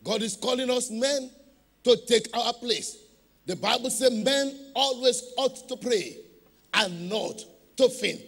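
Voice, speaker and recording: High, bright-voiced preacher in a hall. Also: male voice, takes it slowly. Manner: emphatic preaching with call-and-response to the congregation. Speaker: pastor. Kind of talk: sermon.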